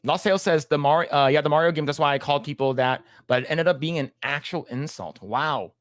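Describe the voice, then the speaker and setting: A man's voice: a little high, a little fast, no echo, clean studio sound. A man co-hosting a casual livestream podcast, reading chat comments aloud in a laid-back way and laughing often.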